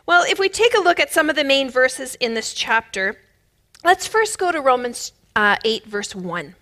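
A woman preaching a sermon with emphatic, rising bursts of loudness, she is middle-aged. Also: high-pitched, big pitch swings, moderate pace. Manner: emphatic, builds to loud bursts.

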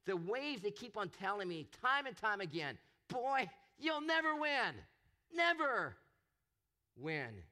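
A man preaching a sermon, animated and expressive, acting out the voices he quotes. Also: sits high. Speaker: pastor.

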